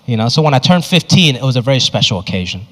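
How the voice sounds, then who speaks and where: A man's voice: medium pitch, sing-song, very fast. A male stand-up comedian telling punchy anecdotes and acting out the people in them. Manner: punchy anecdotal delivery, acts out characters. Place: comedy stage. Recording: reverberant venue with background noise.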